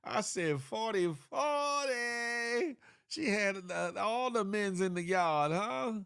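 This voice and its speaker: A man's voice: high-pitched, animated, a little slow, creaky, fairly bright tone, clear, resonant tone, no echo. Tired congested guy chatting on his morning show, laid back, laughs a lot, dry close mic. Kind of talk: casual live-stream chat reading viewer comments.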